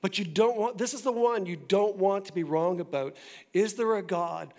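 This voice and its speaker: A male pastor giving a sermon in a church, talking in a conversational, animated way with quick asides. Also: high-pitched.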